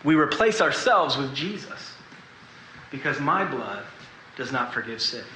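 A man preaching a sermon to a congregation, earnest and confessional, pausing to ask them questions. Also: medium pitch, sing-song, bright, forceful tone, roomy sound, a little hiss or hum, poor audio.

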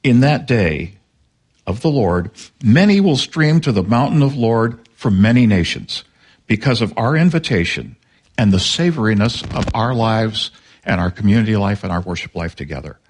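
An older male pastor preaching a sermon in a conversational way, with quick asides and acted-out dialogue. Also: lowish voice, animated, slightly rough.

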